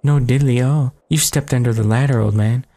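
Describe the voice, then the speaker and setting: A man's voice: mid-range voice, brisk, warm tone, lightly acted. A man doing a smug, vain video game boss. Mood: taunting. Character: vain cocky male boss, taunting.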